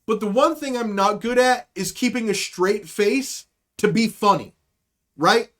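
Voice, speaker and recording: A man hosting a live-streamed show tells a comic story in a loose, rambling way, swearing freely and poking fun at himself. His voice sits noticeably high for a man. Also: measured pace, fairly bright tone. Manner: rambling, profane, self-deprecating. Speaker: podcast host. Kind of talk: comedic storytelling on a livestream.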